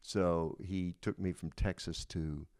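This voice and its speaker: Smooth low-voiced man in his sixties. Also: fairly even intonation, slow, darkish tone. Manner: rambling anecdotes with frequent restarts. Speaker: guest, music industry veteran. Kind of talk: casual interview storytelling.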